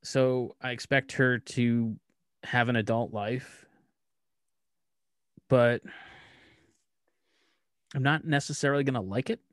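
A man casually telling deadpan stories about his daughter, acting out both sides of the dialogue. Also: mid-range voice, slow pace, long pauses, no room sound, studio quality. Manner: deadpan storyteller who acts out dialogue. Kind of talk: casual chat.

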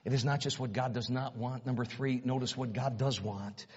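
A pastor preaches in a large church, his medium-pitched, breathy-edged voice keeping a steady tone at a moderate pace. He swings from hushed near-whispers to loud, emphatic runs, repeating words and piling up rhetorical questions, captured with a dull, reverberant hall sound.

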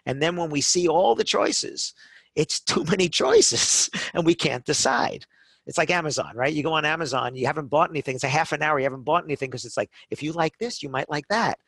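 Animated middle-aged man telling sales stories. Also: on the high side, fairly quick, no echo. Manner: animated storytelling, acts out customers, frequent "right?" tags. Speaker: guest speaker on wedding business. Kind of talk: conversational podcast talk.

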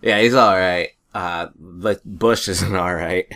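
A man's voice: deep voice, steady tone, slow, fairly bright tone. A man in a casual chat, telling rambling stories and chuckling often.

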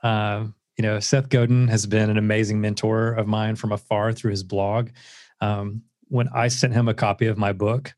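A man's voice: on the low side, level tone, moderate pace, a little mellow, no echo, clean studio sound. A man speaking as a guest author in a casual interview, earnest and reflective, with many filler words.

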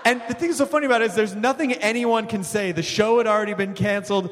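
A man hosting a live podcast on a theater stage, an animated storyteller who swears freely, tired from no sleep. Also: high voice, fast talker, slight background noise. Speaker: podcast host. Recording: reverberant theater.

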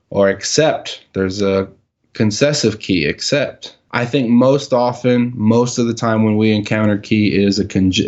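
A teacher leads a Hebrew reading session in casual dialogue, asking pointed questions and correcting terms with dry jokes, exacting yet jokey. His voice is on the low side and a little mellow, with lo-fi sound.

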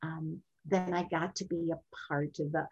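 Husky older woman telling lively stories. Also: moderate pace, muffled recording. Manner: expressive, jumps into high voices when quoting. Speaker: sexologist and guest. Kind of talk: animated interview storytelling.

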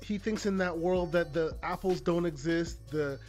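A man co-hosting a gaming podcast, agreeable and quick with affirmations, with faint music behind. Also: on the high side. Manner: agreeable, frequent backchannel affirmations. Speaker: podcast co-host. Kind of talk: casual gaming chat.

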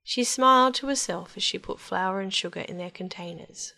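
A woman's voice: mid-range voice, moderate pace, vocal fry, sharp tone. Woman reading a storybook aloud.

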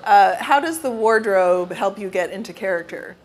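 A woman's voice: medium pitch, expressive, normal speed. Woman interviewer asking questions.

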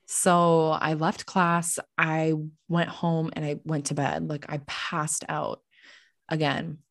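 A young woman with a low voice tells a story over a video call, chatty and packed with "like". The sound is dry and close. She laughs off the awkward parts. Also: flat delivery, slow pace, vocal fry, no room sound. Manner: chatty, heavy use of "like", laughs when awkward. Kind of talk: casual storytelling.

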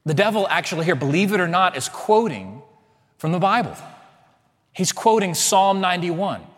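A man preaching a sermon as a pastor, swinging between loud emphatic lines and hushed ones. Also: high-pitched, sing-song, moderate pace. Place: church sanctuary. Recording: long hall reverb.

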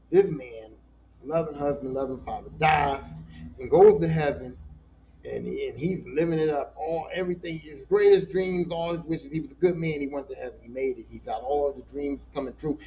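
A man hosting a casual solo podcast, telling stories in an animated, profane, emotional way. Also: a little high, highs cut off, slight background noise. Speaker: podcast host.

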